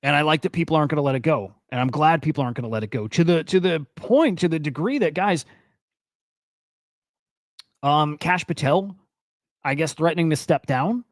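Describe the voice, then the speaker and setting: His fairly high voice has lively intonation, and he talks fairly quickly with frequent pauses. This young host covers crypto and NFT news on a casual stream, loose, rambling and profane, getting more worked up over time, in dry studio-quality sound.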